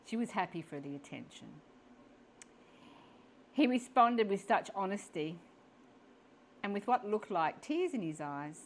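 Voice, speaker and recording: Slow, chuckling woman reading a story. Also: mid-range voice, sing-song. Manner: chuckling asides, personal comments.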